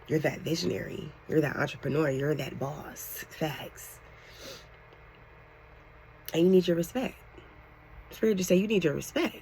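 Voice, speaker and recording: A woman giving a channeled tarot reading to her viewers, excitable and animated, talking casually with lots of slang and "like". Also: low voice, gravelly, a little hiss or hum. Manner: excitable, animated, fills talk with "like". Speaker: tarot reader.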